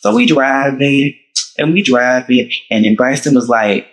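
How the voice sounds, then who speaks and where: A man hosting his own show, telling a dramatic personal story to his viewers in a casual, animated way. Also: mid-range voice, a little slow, rough recording. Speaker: host.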